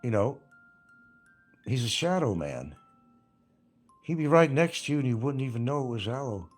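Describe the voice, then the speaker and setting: A man's voice: mid-range voice, lively intonation, moderate pace, faint music behind. Crude mocking male livestream host. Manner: crude, mocking, laughs at his own jokes. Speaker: livestream host reading chat. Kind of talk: rambling casual livestream chat.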